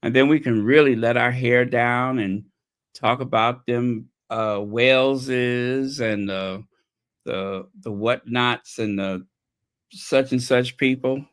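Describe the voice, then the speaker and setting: A host with a drawl unwinds at the end of a long live stream, talking at an easy, unhurried pace. The voice is worn and dry from hours of talk. The delivery is playful and teasing. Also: mid-range voice, fairly even intonation. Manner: playful, joking, bursts into singing. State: losing voice, dry throat. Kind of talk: casual live stream chat.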